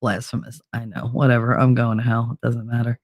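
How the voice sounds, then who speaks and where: A woman's voice: rumbling low, flat delivery, brisk, a little mellow, no room sound, clean studio sound. A woman from New Jersey hosting a casual livestream, rambling and swearing as she reads chat, sleepless and frazzled. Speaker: livestream host.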